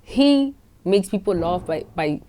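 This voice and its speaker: A woman's voice: medium pitch, animated, unhurried, warm tone. A woman in her twenties, hosting a podcast and telling a casual story in a blunt, profane, self-assured way. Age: 20s. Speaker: podcast host.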